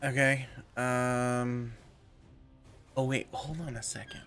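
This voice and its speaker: A man's voice: mid-range voice, flat delivery, fairly bright tone, smooth, faint music behind. A man playing a tabletop game in casual chat, loose and swearing freely. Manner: loose, swearing, quick to laugh. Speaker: player.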